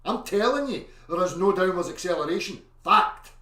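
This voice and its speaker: A man's voice: high voice, animated, normal speed, bright, forceful tone, far from the mic. A man ranting aggressively in a monologue, insisting and swearing as he argues. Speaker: online commentator. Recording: echoey room, voice off-mic.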